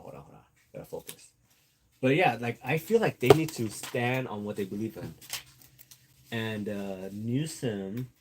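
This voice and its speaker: A man's voice: mid-range voice, slight background noise. A man giving casual spoken commentary, rambling with lots of fillers and restarts, and chuckling often.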